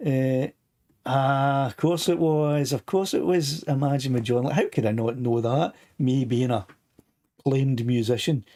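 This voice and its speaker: A man's voice: mid-range voice, measured pace, mellow. Scottish man, older, live stream host, rambling casual chat, slightly sore throat. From Scotland. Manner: rambling, chatty, reads out viewer comments.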